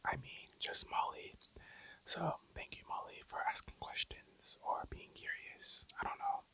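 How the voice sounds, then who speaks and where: A young adult of about twenty talking in a breathy whisper through a mukbang ASMR video, casual and blunt, swearing and rambling between bites. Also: medium pitch, fairly bright tone, low-quality recording. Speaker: mukbang vlogger.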